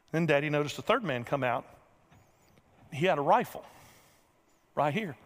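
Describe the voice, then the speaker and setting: A middle-aged man preaching a sermon, telling a folksy story and acting out the scenes with lively energy. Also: fairly high pitch, moderate pace, long pauses. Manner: folksy, animated storyteller who acts out scenes. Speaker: pastor. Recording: reverberant large hall.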